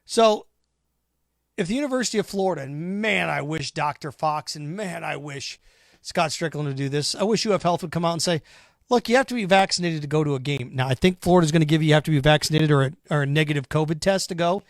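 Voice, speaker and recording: A man's voice: fairly high pitch, fast talker, no echo, studio quality. A man hosting a sports talk show, ranting sarcastically and mocking imagined fans. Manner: combative, sarcastic, mocks imagined callers in put-on voices. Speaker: sports radio host. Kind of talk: opinionated sports talk monologue.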